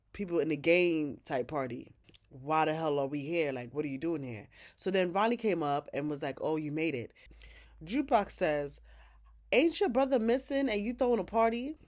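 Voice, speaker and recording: A woman's voice: on the low side, darkish tone. A woman giving a casual, chatty episode recap, retelling scenes with quoted dialogue, slang and opinionated asides. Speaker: TV recap host.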